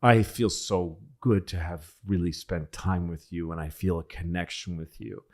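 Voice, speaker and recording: A man's voice: sits low, steady tone, moderate pace, darkish tone, pitched below the performer's own voice. A man doing an earnest, pleading statesman. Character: impression of a fussy, earnest British statesman.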